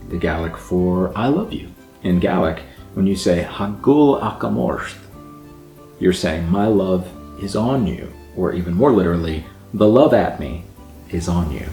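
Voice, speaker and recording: A man hosting a language channel who explains grammar casually and sounds out example words slowly. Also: low-pitched, a little mellow. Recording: echoey room with faint background music.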